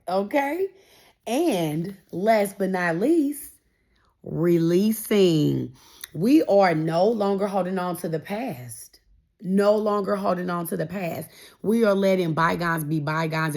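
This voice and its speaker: She's a tarot reader with a lowish, slightly mellow voice, addressing viewers straight on in a relaxed reading. Encouraging and prone to repeating lines for emphasis, she is getting emotional.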